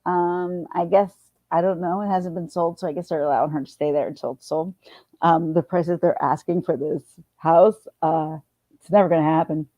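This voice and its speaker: A woman's voice: on the low side, steady tone, normal speed, warm tone, no room sound. A middle-aged woman, chatting casually on a livestream, rambling with many restarts. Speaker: livestream host. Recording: dull, dry lo-fi sound.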